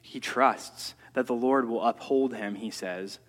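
A man's voice: mid-range voice, a little slow. A man preaching a sermon earnestly, often repeating words as he works through his points. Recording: long hall reverb.

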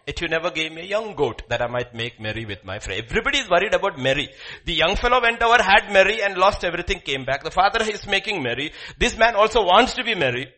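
A man preaching a sermon in a church, swinging between soft asides and loud, animated emphasis. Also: high-pitched, fast talker. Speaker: pastor.

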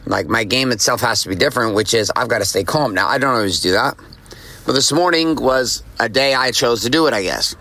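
A man's voice: mid-range voice, expressive, a little fast, sharp tone, no echo. A middle-aged man hosting a podcast, telling a casual story and repeating his key lines for emphasis. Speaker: podcast host.

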